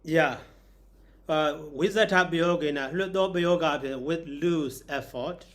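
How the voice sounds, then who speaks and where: A man's voice: on the high side, slow pace, fairly bright tone. A man, a monk teacher giving a grammar lesson and explaining it step by step.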